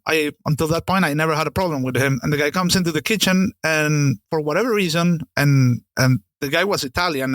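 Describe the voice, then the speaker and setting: On a podcast he co-hosts, a man tells a kitchen story in casual chat, swearing freely and searching for words mid-sentence. His voice is fairly high-pitched and a bit bright, recorded with no echo.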